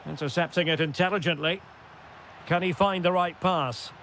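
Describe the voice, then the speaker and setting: A man giving excitable play-by-play football commentary for a video game, calling player names in short clipped bursts and shouting at goals. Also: a little high, moderate pace, slight background noise.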